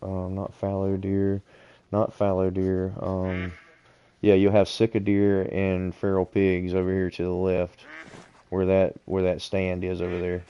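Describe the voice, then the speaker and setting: A man's voice: sits low, completely flat delivery, clean tone, dull audio. A man streaming a hunting game, casually chatting and walking other players through where to go. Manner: unhurried, explains directions to other players. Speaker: gaming streamer. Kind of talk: casual gameplay chat.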